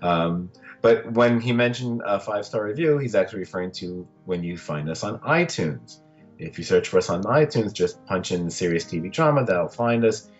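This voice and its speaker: A man's voice: fairly low pitch, expressive, moderate pace, highs cut off, soft background music. A man hosting a podcast in a casual, rambling, laid-back way, often restarting his sentences. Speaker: podcast host.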